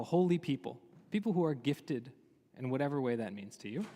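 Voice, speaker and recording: Rabbi telling a story in a reverberant sanctuary. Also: male voice, fairly high pitch. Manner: lively storytelling with many rhetorical questions. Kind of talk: sermon on the weekly Torah portion. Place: synagogue sanctuary. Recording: long reverb of a large hall.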